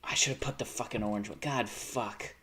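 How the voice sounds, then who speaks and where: A man streaming live, commenting on his own game, swearing and bursting into panic between low, self-critical mutters. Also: steady tone, fairly quick, noisy background.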